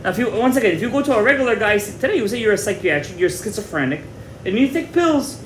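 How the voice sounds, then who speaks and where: A man's voice: high voice, animated, quick pace, slight background noise. A man teaching a Torah class as a rabbi, retelling a story dramatically, repeating words and mixing in Hebrew terms. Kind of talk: animated storytelling lecture.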